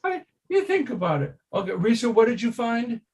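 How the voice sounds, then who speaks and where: An older man, a rabbi, teaching a casual Torah study class, slow and emphatic, often quizzing his listeners with questions. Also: extremely high pitch, sing-song, slightly rough.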